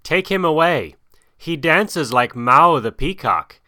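A man voicing hostile, high-pitched cobras. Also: animated, takes it slowly, pushed and bright, no room sound, studio quality, full character voice. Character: hostile cobras hiding in a wall.

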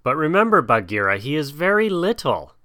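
A man voicing a gentle old bear who speaks in a mild, mumbling way. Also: on the high side, big pitch swings, fairly quick, no room sound, studio quality, pitched above the performer's own voice. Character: gentle old male bear, a patient teacher.

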